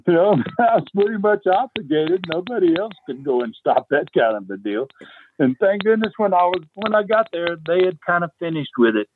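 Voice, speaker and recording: Older guy, slightly high voice, rambling storyteller on a phone call, faint hiss. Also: lively intonation, normal speed. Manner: rambling, chuckling, heavy with fillers. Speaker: interview guest, veteran wrestling promoter. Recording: tinny phone line with faint noise.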